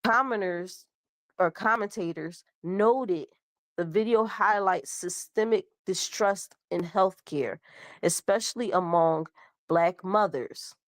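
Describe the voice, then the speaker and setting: A woman's voice: medium pitch, takes it slowly, no room sound. A young woman hosting her own web show, nose stuffed up from a cold. She reads a news item aloud in a casual, chatty way, tripping over some words and starting again. Her voice sits mid-range and sounds dry and close. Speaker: show host. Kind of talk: reading and commenting on news.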